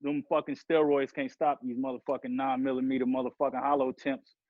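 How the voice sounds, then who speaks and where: A man's voice: medium pitch, level tone, fairly quick, darkish tone, no room sound. A man ranting heatedly and profanely on a podcast, rambling from one grievance to the next. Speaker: podcast guest rapper. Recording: dull lo-fi sound.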